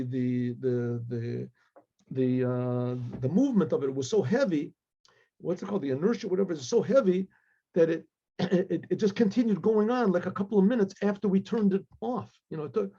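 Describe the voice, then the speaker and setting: A male rabbi telling a story in a halting way, with many restarts and asides to explain things. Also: high-pitched, lively intonation, warm tone. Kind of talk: storytelling talk. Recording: dull lo-fi recording.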